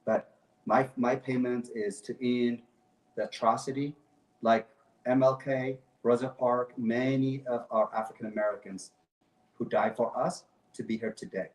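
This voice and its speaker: A man's voice: mid-range voice, steady tone, unhurried, a little mellow, roomy sound, recorded from a distance, rough recording. Passionate man speaking off-mic. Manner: passionate, emphatic, repeats phrases. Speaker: guest activist. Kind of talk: impassioned talk show speech.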